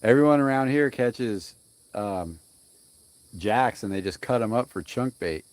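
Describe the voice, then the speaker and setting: A man's voice: medium pitch, unhurried. A young man hosting a casual live stream while grilling outdoors, rambling along and greeting viewers by name. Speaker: livestream cooking host.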